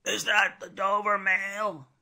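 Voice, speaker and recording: A man voicing a hoarse male messenger on horseback who calls out from a distance. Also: sits high, fairly even intonation, measured pace, bright, forceful tone, voice pushed up, full character voice. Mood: calling out.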